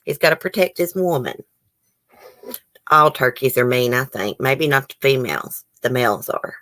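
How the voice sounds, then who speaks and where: A woman's voice: a bass voice, lively intonation, normal speed, fairly bright tone. A woman hosting a casual live stream, chatting with viewers and reading their comments aloud. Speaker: YouTube host.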